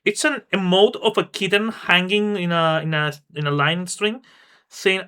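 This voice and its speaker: A man's voice: high-pitched, measured pace, pushed and bright, clear, resonant tone. A man narrating a tabletop role-playing game on a live stream as game master, in a loose, rambling way. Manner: rambling, loose, laughs at own jokes.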